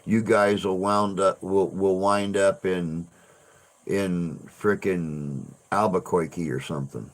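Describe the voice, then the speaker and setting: Speaking slowly in a low voice with fairly even intonation, a man hosts a laid-back livestream chat. He rambles and restarts his sentences, repeating words and swearing occasionally.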